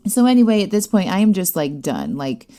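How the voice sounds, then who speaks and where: A woman in her thirties hosting a podcast, telling a personal story in a chatty, animated way with many fillers. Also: mid-range voice, fairly quick. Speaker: podcast host. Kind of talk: casual storytelling monologue.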